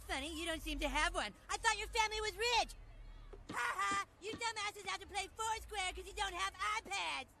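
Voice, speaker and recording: A man's voice: very high-pitched, fairly quick, gravelly, very noisy. A man voicing a bratty, bragging cartoon boy of about ten who taunts his friends. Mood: smug. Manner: boastful, taunting, nasal.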